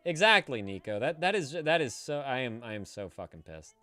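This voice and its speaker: Streaming from home, a man in his thirties reads out viewer messages and goes on profane, indignant rants about them. He sounds medium-pitched, sing-song and brisk, with a bright, forceful tone.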